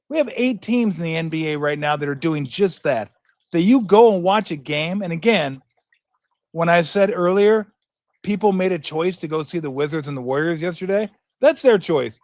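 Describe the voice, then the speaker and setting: Brief: middle-aged male sports host, fired-up and profane, slightly high voice, dry close sound. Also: expressive, moderate pace, darkish tone, no room sound. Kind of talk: casual sports talk rant.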